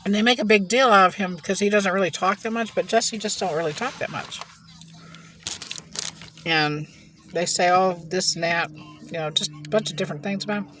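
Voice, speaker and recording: Eating in her car, a woman vlogs with a medium-pitched, somewhat bright voice at a moderate pace, with slight noise behind her. Her casual chat drifts through gossipy anecdotes, punctuated by frequent laughs.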